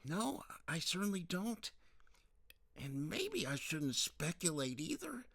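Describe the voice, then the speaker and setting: A man voicing a worried middle-aged mother who pleads softly and tenderly with her daughter. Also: lowish voice, sing-song, takes it slowly, pitched above the performer's own voice, full character voice. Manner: soft, coaxing, close to tears.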